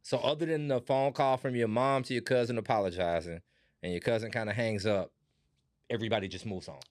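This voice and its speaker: Low-voiced man hosting an interview. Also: fairly quick, no echo, studio quality. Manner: reactive, exclaims and laughs. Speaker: podcast host. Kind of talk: casual interview.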